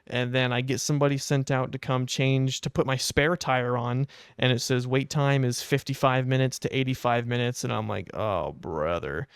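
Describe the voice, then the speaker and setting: A young adult man hosting a podcast, telling a casual anecdote in a wry, animated way. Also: medium pitch, moderate pace, hardly any pauses, clean tone, no room sound, clean studio sound. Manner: animated, wry storytelling with quoted asides. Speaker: podcast host.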